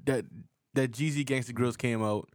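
A man from Charleston, South Carolina, co-hosting a podcast in relaxed casual chat, rambling with restarts as he tells stories. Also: mid-range voice, moderate pace, no room sound, studio quality. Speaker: podcast co-host.

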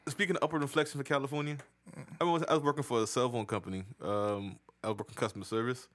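A bright, forceful man telling crude stories in casual chat. He laughs often and slips into mimicked voices to land a joke. His pitch sits in the middle of the male range. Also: fairly even intonation, quick pace.

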